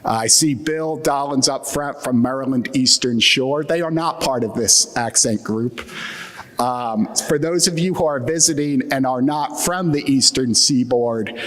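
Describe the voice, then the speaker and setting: A man's voice: mid-range voice, a little slow, fairly bright tone. A man with a Mid-Atlantic American accent, from that region, giving a wry, joking conference talk with plenty of fillers. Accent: Atlantic Midland American. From US Atlantic Midland region. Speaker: conference keynote speaker. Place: conference hall with audience. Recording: reverberant hall.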